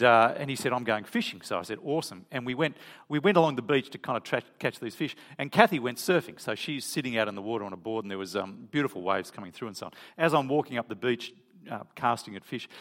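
Animated male preacher. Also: mid-range voice. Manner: conversational, animated storytelling with restarts. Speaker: pastor. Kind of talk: sermon.

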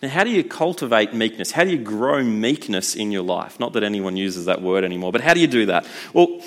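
A man preaching a sermon in a conversational, lively way. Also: lowish voice, fairly quick. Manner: conversational, lively, acts out voices.

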